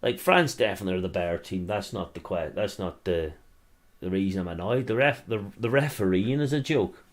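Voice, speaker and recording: A Scottish man streaming a football watch-along, mixing casual play-by-play with grumbling about the refereeing. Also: sits low. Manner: grumbling, mixes complaints with quick play-by-play. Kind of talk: casual live match commentary.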